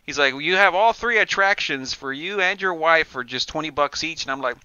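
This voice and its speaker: A man's voice: on the high side, fairly quick, clean tone, dry recording, lo-fi sound. A man co-hosting a podcast, telling a long, profane story in casual chat and acting out the lines of the people in it. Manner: animated, profane, acts out quoted dialogue. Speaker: podcast co-host.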